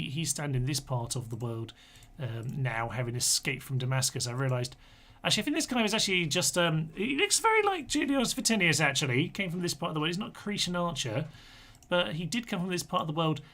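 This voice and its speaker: A man's voice: on the high side, expressive, brisk, sharp tone. A man giving casual live-stream commentary as he plays a strategy game, rambling and chatty, with self-mocking asides.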